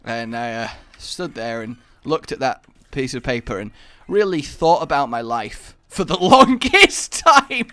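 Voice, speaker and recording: Animated man commenting on gameplay. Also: mid-range voice, measured pace, no echo. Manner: rambling, self-mocking, theatrical asides. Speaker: gaming YouTuber. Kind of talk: Let's Play commentary.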